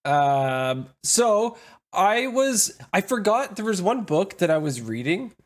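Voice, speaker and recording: A man's voice: high-pitched, very animated, takes it slowly. Easygoing man hosting a podcast. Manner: easygoing, enthusiastic about books. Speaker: podcast host. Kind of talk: casual podcast chat.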